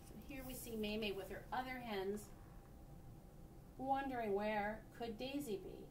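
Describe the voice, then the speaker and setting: A woman expressively reading a picture book aloud to children, pausing to point out the pictures. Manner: expressive, pauses to show pictures. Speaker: storybook reader. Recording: echoey room, distant mic, faint rumble.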